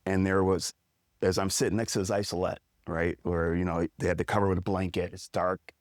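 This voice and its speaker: Low-voiced, measured middle-aged man. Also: flat delivery, no room sound, studio quality. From Milwaukee, United States. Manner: measured, deliberate storytelling with drawn-out words. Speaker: podcast guest. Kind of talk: casual storytelling interview.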